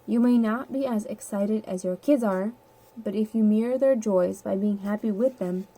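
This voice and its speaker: A woman reading a nonfiction book aloud in a steady, measured, earnest way. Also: medium pitch. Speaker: audiobook reader. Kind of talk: nonfiction audiobook narration.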